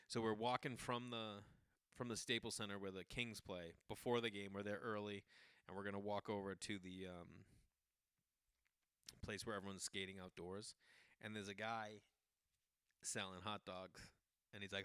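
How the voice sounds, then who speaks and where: A man from the Boston area hosting a podcast, telling casual comic stories in an animated, chatty way. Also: on the low side, moderate pace, long pauses, clear, resonant tone, dry recording, studio quality. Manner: animated, jumps into quoted voices, loose and chatty. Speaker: podcast host.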